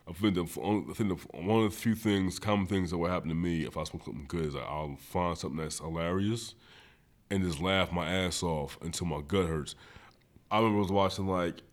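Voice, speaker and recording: A young man hosting a podcast, telling laid-back stories in casual slang. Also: fairly quick. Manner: laid-back slang-heavy storytelling, gets high-pitched when laughing. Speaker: podcast host. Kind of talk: casual chat.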